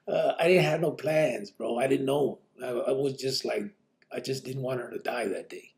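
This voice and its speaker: Profane gravelly man, blunt storytelling. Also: mid-range voice, measured pace. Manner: blunt and profane, lots of "you know what I'm saying". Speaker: host telling his life story on a live stream. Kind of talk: casual live-stream storytelling.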